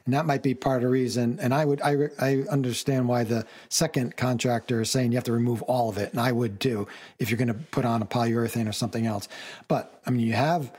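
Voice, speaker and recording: Radio co-host guy with a husky voice, explains things plain and matter-of-fact. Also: mid-range voice, steady tone, fast talker, a little mellow. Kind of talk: radio call-in talk.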